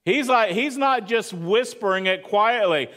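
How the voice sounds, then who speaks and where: A man's voice: high-pitched, animated, a little slow, a bit bright. A man preaching a sermon at church, talking conversationally and asking the congregation questions. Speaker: pastor.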